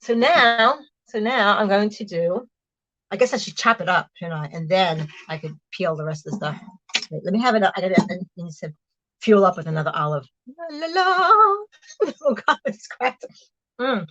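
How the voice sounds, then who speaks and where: A middle-aged woman's voice, on the low side and fairly bright, comes a little fast over dull audio. She's a vlog host reading live chat during a casual cooking livestream, chatty and giggly, laughing and talking with food in her mouth as she preps.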